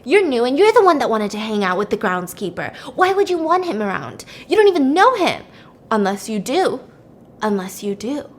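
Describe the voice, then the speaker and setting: A woman's voice: a little high, big pitch swings. A woman voicing a drunk, suspicious male bartender, firing off accusing questions. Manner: accusing, rapid-fire questions.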